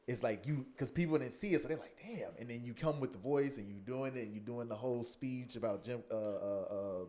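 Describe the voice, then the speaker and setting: A man's voice: medium pitch, fast. A man hosting a podcast, recounting a shared memory with energy and acting out how a crowd reacted. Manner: excitable storyteller, acts out crowd reactions. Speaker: podcast host. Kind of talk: casual podcast interview.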